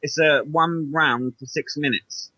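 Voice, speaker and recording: A man's voice: fairly high pitch, fairly even intonation, measured pace, bright, forceful tone, no room sound, poor audio. A man in casual chat as a podcast co-host, rambling and hesitant, often restarting his sentences, heard over an online call.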